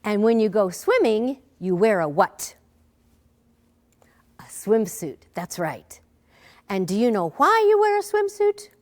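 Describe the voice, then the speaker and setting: A woman teaching a preschool lesson, talking gently to a bear puppet and young children. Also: medium pitch, sing-song, takes it slowly, long pauses.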